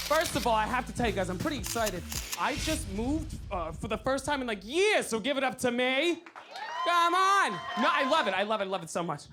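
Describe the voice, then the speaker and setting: A man's voice: extremely high pitch, brisk, over music. Flamboyant man doing stand-up. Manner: lively, flamboyant, playful with the crowd. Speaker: stand-up comedian. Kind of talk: stand-up set. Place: comedy club stage.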